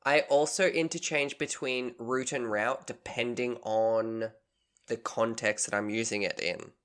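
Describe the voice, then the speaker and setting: A man's voice: medium pitch, steady tone, measured pace, fairly bright tone, clear, resonant tone. An Australian man co-hosting a podcast, chatting casually and rambling with frequent self-corrections. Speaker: podcast co-host.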